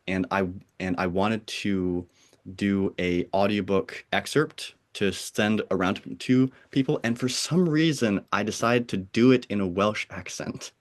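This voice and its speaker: A male podcast host chats casually with his guest. His voice sits somewhat low. He speaks in a hesitant, halting way, often restarting his sentences. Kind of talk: casual conversation.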